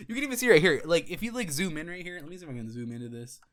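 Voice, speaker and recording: A man with a bright, fairly high voice that jumps around a lot in pitch, giving casual commentary over a gaming clip. He is excitable and profane, laughing and tripping over his words. He talks like a gaming channel host breaking down footage. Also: fast talker. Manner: excitable, swears freely, laughs and restarts often.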